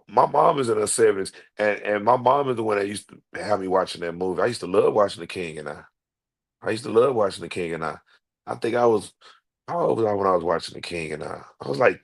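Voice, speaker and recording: A middle-aged man hosting a live stream, talking straight to his chat in an animated, repetitive way and swearing freely. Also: medium pitch, creaky. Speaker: livestream host.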